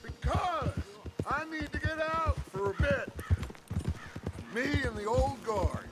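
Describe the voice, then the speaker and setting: Brief: a grandiose, persuasive outlaw gang leader in a game; high-set voice. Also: male voice, big pitch swings, slow pace, loud music behind the voice, exaggerated voice. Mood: calm. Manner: theatrical, persuasive, smooth-talking. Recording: game audio with loud ambient noise.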